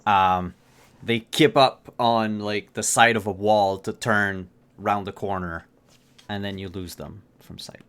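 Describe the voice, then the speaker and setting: A man running a tabletop game as game master, narrating in a relaxed way with frequent fillers. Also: lowish voice, slow pace, clean tone.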